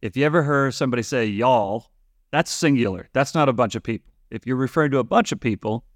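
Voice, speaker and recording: A man's voice: medium pitch, fast, no room sound, studio quality. A man from rural Nebraska co-hosting a finance podcast, chatty and rambling with many restarts. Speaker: podcast co-host. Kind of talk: casual finance chat.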